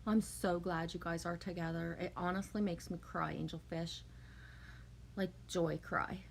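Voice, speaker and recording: A woman with a fairly low voice hosts a casual livestream. She chats with her audience and answers their comments in a warm, emotional way. A faint background noise sits under her voice. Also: fairly even intonation, measured pace, vocal fry. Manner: chatty, emotional, reads and answers viewer comments. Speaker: livestream host. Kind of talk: casual chat with a live audience.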